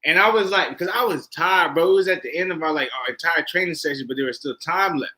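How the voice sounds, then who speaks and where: Man, high bright voice, lively, casual podcast talk. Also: fast talker. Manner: animated storyteller, acts out quotes, laughs often. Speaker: co-host. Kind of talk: casual chat.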